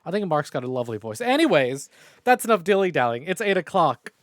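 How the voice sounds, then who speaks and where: A male streamer talks casually from home into a close microphone, swearing freely and rambling between jokes at his own expense. His voice sits a little high and jumps around a lot. The sound is dry, with no room echo. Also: very animated, quick pace. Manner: profane, rambling and self-mocking. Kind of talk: casual game stream recap. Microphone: new desk microphone.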